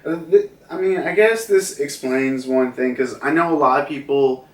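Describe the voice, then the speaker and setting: A man's voice: medium pitch, normal speed. A man giving a casual manga chapter review, rambling with lots of fillers. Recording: roomy echo, distant mic.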